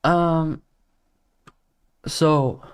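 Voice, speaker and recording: Smooth-voiced man chatting with a livestream. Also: on the high side, fairly even intonation, very slow. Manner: loose and friendly, many "like" fillers, calls viewers brother. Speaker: livestream trading host. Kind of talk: casual livestream chat, reading viewer comments.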